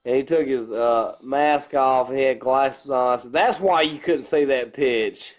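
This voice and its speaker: Profane Southern man telling stories. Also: unhurried. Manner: loud, profane storytelling, acting out his own coaching lines in a deep growl. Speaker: co-host. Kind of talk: casual storytelling chat.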